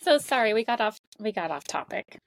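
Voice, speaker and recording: A woman's voice: mid-range voice, very animated, brisk. An American woman co-hosting a podcast, chatting casually in a playful, giggly way. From United States. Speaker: podcast co-host.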